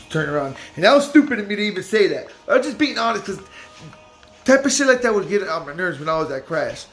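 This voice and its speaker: A loud young man, casually telling his own story in street slang and acting out what people said. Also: sits high, sing-song, fast, soft background music.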